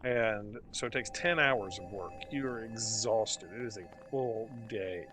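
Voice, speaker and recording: A man narrating as game master of a tabletop game, describing scenes in a relaxed way with fillers. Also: lowish voice, a little slow, music in the background, low-quality recording.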